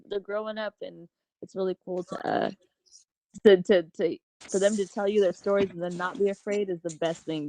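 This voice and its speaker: Laughing, animated woman telling stories. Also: medium pitch, no room sound. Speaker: open mic participant. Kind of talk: casual storytelling in a group discussion.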